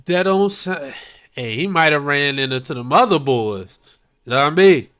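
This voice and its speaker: Slightly high-voiced man thinking out loud. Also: lively intonation, moderate pace. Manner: thinks out loud, working through numbers. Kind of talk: casual chat.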